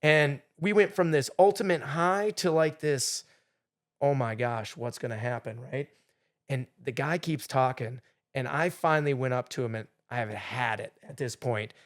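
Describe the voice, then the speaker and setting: A middle-aged man telling a story as a podcast guest, animated, acting out what people said. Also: medium pitch, normal speed. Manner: animated storyteller, acts out quotes loudly. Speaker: game show contestant guest.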